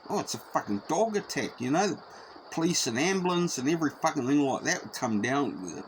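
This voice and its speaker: A man's voice: on the high side, expressive, brisk. Profane rambling New man. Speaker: storyteller. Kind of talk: casual spoken anecdote. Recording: noisy background.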